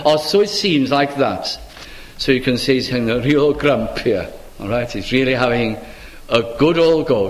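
Male preacher, lively rising and falling delivery, fairly high voice, sermon. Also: rough recording. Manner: animated, acts out quoted voices with rising pitch.

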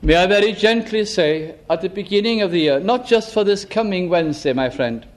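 A man's voice: high-pitched, fairly quick. A man preaching a sermon in an earnest way, pressing his listeners with rhetorical questions. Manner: earnest, probing rhetorical questions, drops to a hush.

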